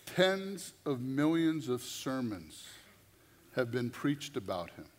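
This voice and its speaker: A man preaching a sermon through a story, animated and conversational, often repeating his words. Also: medium pitch, takes it slowly. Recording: long reverb of a large hall.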